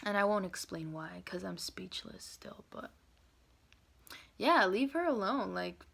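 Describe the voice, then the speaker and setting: A woman vents in a blunt, profane monologue, rambling with plenty of fillers and swinging from loud outbursts to hushed whispers. Her mid-range voice is creaky and husky, with lively intonation and a slightly slow pace.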